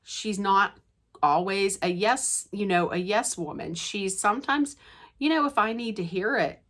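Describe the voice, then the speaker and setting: Woman vlogger chatting to her channel, rambly, keeps restarting sentences, middle pitch. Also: a little slow, fairly bright tone. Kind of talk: casual chat to camera.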